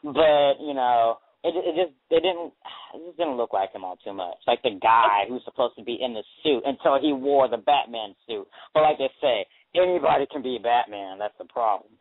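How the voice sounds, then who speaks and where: A man's voice: mid-range voice, animated, normal speed, dry recording. A young man co-hosting a casual movie review show, rambling and joking with lots of restarts. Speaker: podcast co-host. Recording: tinny phone-like lo-fi sound.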